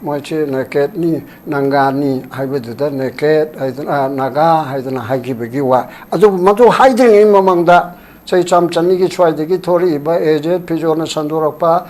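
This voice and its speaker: An older man being interviewed about politics, speaking rapidly and emphatically, sometimes quoting documents in English. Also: on the high side, fairly even intonation, a little mellow. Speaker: former human rights commission chairperson, interview guest.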